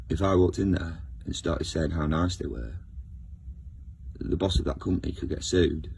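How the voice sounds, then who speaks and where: A man's voice: a bass voice, gravelly, a little mellow, a little hiss or hum. A man, ranting in a rambling casual video monologue, often breaking off mid-sentence. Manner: rambling, self-interrupting rant. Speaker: vlogger.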